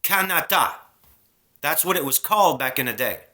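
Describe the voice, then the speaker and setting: A man's voice: a little high, animated, normal speed, sharp tone. A man in a casual spiritual rant, heated and preachy, swearing freely.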